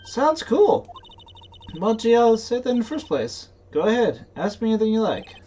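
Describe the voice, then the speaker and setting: A game voice actor voicing a feisty, folksy Southern woman photographer with a drawl, talking loud and quick to bristle. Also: mid-range voice, big pitch swings, muffled recording, slight background noise, pitched above the performer's own voice, natural voice. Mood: chummy. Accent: American Southern drawl.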